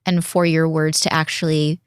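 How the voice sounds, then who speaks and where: A woman in her thirties speaking as a podcast guest in an earnest, reflective way, slowing down to stress her points. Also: sits low, little pitch movement, clear, resonant tone, no room sound, clean studio sound. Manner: earnest, reflective, slows down when emphasizing. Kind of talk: casual heartfelt conversation.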